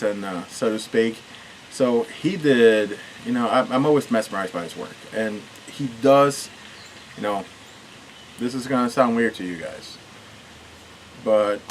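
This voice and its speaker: A man's voice: lowish voice, a little hiss or hum, low-quality recording. A man from Puerto Rico, an author, talking casually behind the scenes with many restarts and fillers.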